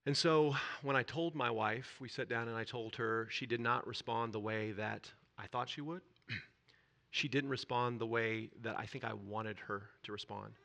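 A man giving an earnest personal testimony from a church stage, halting and repeating himself, his voice dropping very low at painful moments and rising when moved. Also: fairly even intonation, gravelly, bright, forceful tone. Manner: earnest, halting confession that drops to near-whispers and swells when stirred. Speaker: church speaker.

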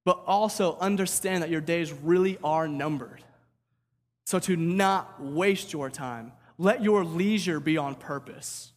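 A man's voice: a little high, unhurried, big-room sound. A man preaching a sermon as pastor, talking casually, repeating words and asking "right?".

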